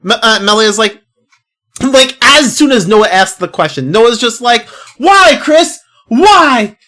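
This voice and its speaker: A man's voice: high-pitched, lively intonation, a little slow, pushed and bright. A man streaming a video game live, talking casually, laughing often and swearing as he rambles over the play. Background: game music.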